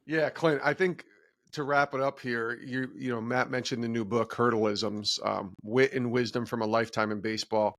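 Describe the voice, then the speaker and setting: A man's voice: medium pitch, fairly even intonation, moderate pace, fairly bright tone, dry recording. A man hosting an interview, asking questions and affirming his guest. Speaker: host.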